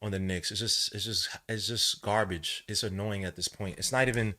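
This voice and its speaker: A man from New York hosting a live watch-along, rambling between casual play-by-play and chat, and shouting when plays excite him. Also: lowish voice, fairly quick, few pauses. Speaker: podcast host doing a game watch-along.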